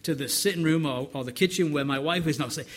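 A man's voice: a little high, quick pace. A middle-aged man preaching a sermon in an earnest, conversational way, often repeating words as he builds up.

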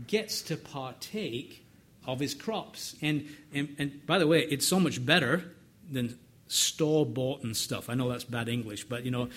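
A man's voice: medium pitch, a bit bright. A middle-aged man preaching a sermon in an earnest, conversational way, often repeating words as he builds up.

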